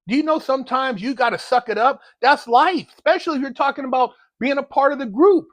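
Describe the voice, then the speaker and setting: A man's voice: very high voice, fast talker, fairly bright tone, no echo. A man ranting bluntly in a heated, lecturing commentary, using street slang, as a motivational vlogger.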